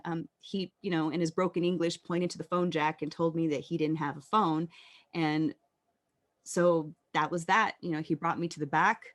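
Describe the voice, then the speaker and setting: Speaking as a guest on a podcast, this thirtysomething woman recounts her personal story in a sincere, reflective manner, pausing hesitantly as she goes. Her voice sits on the low side.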